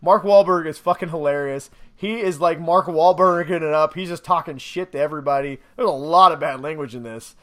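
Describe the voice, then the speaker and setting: High-voiced man rambling excitedly. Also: fairly quick, hardly any pauses. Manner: rambling, excited, laughs often. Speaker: podcast co-host reviewing a movie. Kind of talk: casual podcast chat.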